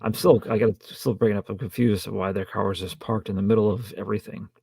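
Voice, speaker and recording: A man co-hosting a podcast, chatting casually about a film with dry, wry humor and frequent halting restarts. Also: lowish voice, fairly even intonation, creaky, a little mellow, slightly rough, no echo. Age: adult with a child. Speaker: podcast co-host. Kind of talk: casual film review chat.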